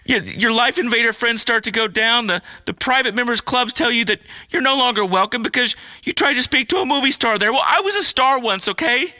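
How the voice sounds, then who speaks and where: A whiny washed-up radio host. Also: male voice, extremely high pitch, brisk, few pauses, sharp tone, full character voice. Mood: self-pitying. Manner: stammering, whiny, self-pitying. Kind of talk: radio comedy acting.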